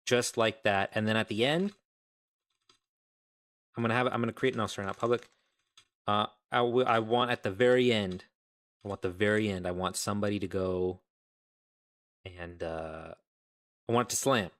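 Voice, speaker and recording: Casual male streamer, lowish voice, rambling think-aloud coding commentary. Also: normal speed, long pauses, fairly bright tone. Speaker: game developer streaming live.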